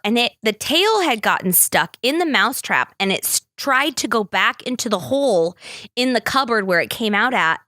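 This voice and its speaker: A woman's voice: medium pitch, a bit bright, no echo, studio quality. A young woman hosting a podcast, telling stories casually, swearing freely and acting out quotes in squealing voices. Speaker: podcast host. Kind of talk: casual storytelling monologue.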